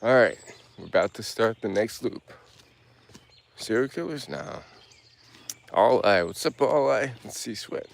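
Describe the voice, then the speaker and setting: A man chats casually to his stream while walking a hilly trail outdoors. His voice sits fairly low and he talks slowly. His speech rambles with fillers and slurs a bit at the edges. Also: animated, creaky. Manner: rambling, loose, heavy on filler words. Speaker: livestream host.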